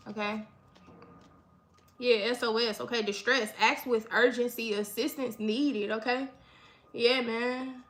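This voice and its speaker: A woman's voice: fairly high pitch, fairly even intonation, measured pace, a bit bright. A woman giving a casual livestream reading, talking loosely and profanely and ending almost every line with "okay?". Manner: repetitive, keeps asking "okay?", profane. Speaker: livestream tarot reader.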